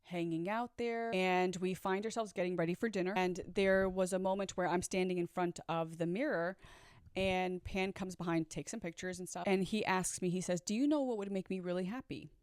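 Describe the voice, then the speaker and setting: A woman with a fairly low voice tells a personal story in a casual, candid way, chatting straight to her viewers and swearing now and then. The sound is dry and close, with no room around it. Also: steady tone, normal speed, clear, resonant tone, dry recording.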